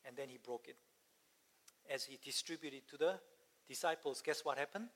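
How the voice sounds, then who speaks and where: A man's voice: mid-range voice, normal speed, fairly bright tone, long reverb tail. A man preaching a sermon, telling a story, acting out voices and asking the congregation questions. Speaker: pastor.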